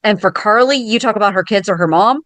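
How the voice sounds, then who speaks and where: A woman with a voice of middling pitch, recorded close and dry with no room sound. She chats casually and emphatically, pressing her opinions hard. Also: quick pace, a bit bright, no room sound. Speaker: podcast co-host. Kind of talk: casual fan podcast chat.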